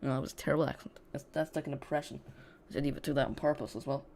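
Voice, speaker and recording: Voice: medium pitch, steady tone, very fast, a little mellow, a little hiss or hum. A host giving rambling, casual live commentary on a football match and chatting directly to viewers. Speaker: football watch-along streamer.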